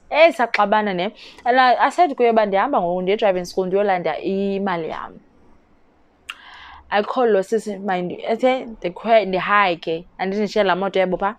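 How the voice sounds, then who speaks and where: A young South African woman with a South African accent, telling a story to camera in a casual vlog with animated, indignant bursts. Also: mid-range voice, moderate pace. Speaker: YouTuber.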